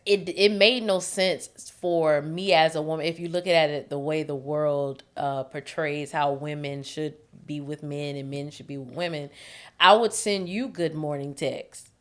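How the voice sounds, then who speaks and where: Low-voiced woman telling a story. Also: unhurried. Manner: animated storyteller, laughs often. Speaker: podcast co-host. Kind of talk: casual chat about marriage and faith.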